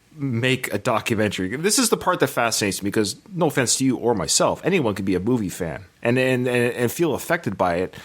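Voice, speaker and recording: A man in his thirties hosts a casual podcast interview with an easy, mid-pitched voice. He talks with eager enthusiasm, rambling and restarting his sentences as he goes. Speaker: podcast host.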